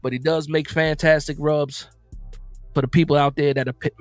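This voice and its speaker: A man's voice: fairly high pitch, level tone, moderate pace, dry recording, faint music behind. A man from New Jersey hosting a live-stream football talk show, chatting loosely, repeating himself and reacting to viewer messages. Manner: loose, repetitive, reads and answers chat.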